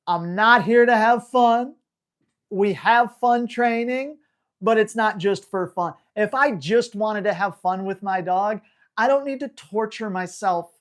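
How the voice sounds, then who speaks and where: A man hosting a live dog-training Q&A, talking bluntly and hammering home key words. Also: high-pitched. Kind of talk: live Q&A stream.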